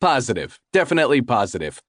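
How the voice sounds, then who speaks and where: A man's voice: mid-range voice, big pitch swings, quick pace, a bit bright, no room sound, clean studio sound. A man reading as an eager father-to-be. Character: excited husband, hopeful father-to-be.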